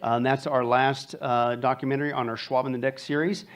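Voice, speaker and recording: A man's voice: medium pitch, little pitch movement, brisk. A male pastor giving church announcements with jokes and then leading a prayer in a sanctuary. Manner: joking, upbeat announcer turning to hushed prayer.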